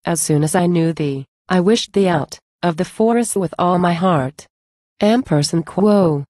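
A humble forester pleads earnestly in a recited ballad. A woman reads him in a low, warm voice with a dry, close sound. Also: unhurried, dry recording. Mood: pleading.

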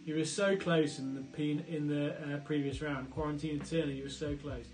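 Quiz host man, upbeat and tangent-prone, slightly high voice, echoey room, faint music. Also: fairly even intonation, moderate pace. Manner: chatty, jokey, goes off on tangents. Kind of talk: live online pub quiz hosting.

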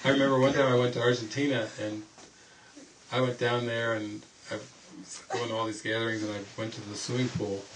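A man at a middle pitch gives an informal retreat teaching, rambling from one story to the next and breaking into laughter often. He is recorded from some distance, with faint background noise and an occasional click. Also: level tone, brisk. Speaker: spiritual teacher. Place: indoor retreat gathering.

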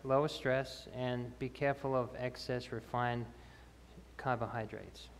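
A man with a gravelly, creaky voice explains answers after a health talk, pausing on fillers and restarting his sentences. His voice rings through a reverberant church hall over a faint background hum. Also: medium pitch, fairly even intonation. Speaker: health speaker.

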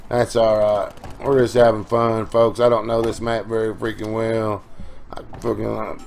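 A man's voice: fairly low pitch, level tone, creaky, darkish tone, slight background noise. Tired, folksy gamer man. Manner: rambling, folksy and profane, with quick outbursts. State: tired from no sleep. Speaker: gaming channel host. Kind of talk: gameplay commentary voice-over.

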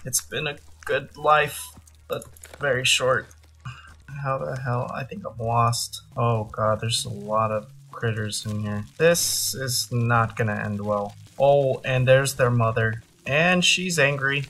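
A man talking through his own game session at an unhurried, drawn-out pace, mid-pitched and ordinary in tone. He reacts dramatically, swears freely and mocks his own panic. A faint hum of noise sits behind him. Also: fairly bright tone. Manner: self-deprecating, jokey panic. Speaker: gaming channel host. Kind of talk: live gameplay commentary.

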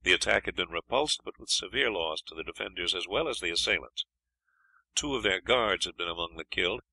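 A man reading an adventure story aloud as audiobook narrator, in a steady storytelling manner. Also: low voice, a little fast, creaky, dry recording, low-quality recording. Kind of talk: scripted narration.

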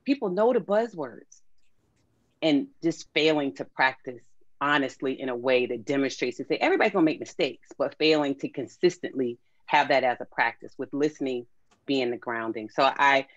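A woman guest on a panel speaks in a measured, reflective way, often circling back and restarting her thoughts. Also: rumbling low, no echo. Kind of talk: panel discussion. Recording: dull, dry video-call audio.

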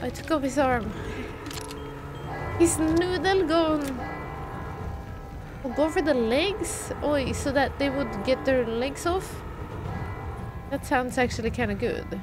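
Bubbly, high-voiced woman streamer. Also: slow, long pauses, over music. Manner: chatty, reacts aloud to the game. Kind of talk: live gameplay commentary.

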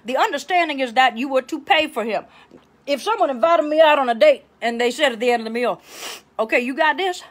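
A woman plays a middle-aged Southern hostess with a Louisiana drawl, handing out bossy life tips on a comedy livestream. Her voice sits high, and she chatters in loose tangents, checking in with her viewers. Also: natural voice. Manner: chatty, bossy, tangents, keeps asking okay. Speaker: host of a live advice show.

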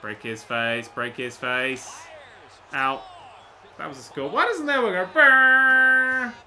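A man commentating on a video game he is playing, excitable and sweary with jokey exclamations. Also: mid-range voice, measured pace, a little hiss or hum. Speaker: gaming YouTuber. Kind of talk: let's-play commentary. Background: faint game music.

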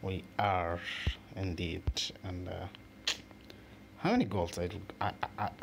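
A man hosting a mobile football game channel, giving casual, excitable commentary with swearing and halting restarts over his own play. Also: low-pitched, vocal fry. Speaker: gaming channel host. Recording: noisy home recording.

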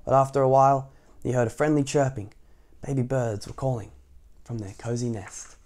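A man reads a children's picture book aloud at a relaxed, everyday pace. His voice is warm and mellow, and he keeps breaking off the story for gentle asides to young listeners. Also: medium pitch, moderate pace. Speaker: storytime reader.

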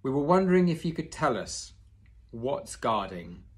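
A man's voice: mid-range voice, big pitch swings, normal speed, pitched above the performer's own voice, lightly acted. A man reading aloud and voicing an eager, anxious young boy who asks questions urgently.

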